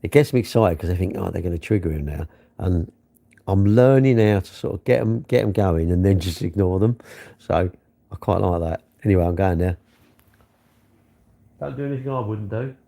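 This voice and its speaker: Middle-aged bloke, gravelly, very up-and-down delivery, chatting to a phone late at night. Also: male voice, sits low, animated, normal speed, warm tone. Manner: chatty, self-mocking, grumbling. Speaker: livestream host. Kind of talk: rambling late-night livestream chat. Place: bedroom at night.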